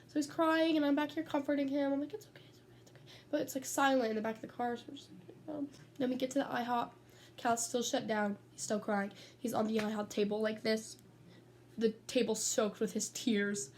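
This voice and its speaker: This is a teenage vlogger in her bedroom, telling stories in a casual, chatty way, wandering off on tangents and swearing freely. Her pitch is fairly high with little movement, her pace a little fast, and her tone a little mellow. Slight background noise is audible.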